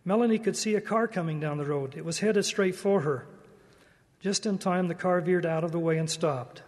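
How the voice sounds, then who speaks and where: A man giving a devotional church talk in a slow, earnest, measured way. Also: high voice, big-room sound. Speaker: church speaker.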